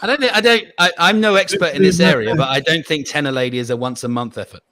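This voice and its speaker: A man from England hosting a casual quiz over a video call, joking and laughing, often trailing off into quiet asides. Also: fairly high pitch, quick pace, dry recording. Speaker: quiz host.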